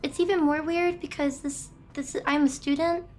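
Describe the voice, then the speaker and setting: A woman's voice: high-pitched, fairly even intonation, moderate pace, slight background noise. A woman streamer chatting and reacting aloud as she plays, talking back to the game. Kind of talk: live game stream commentary.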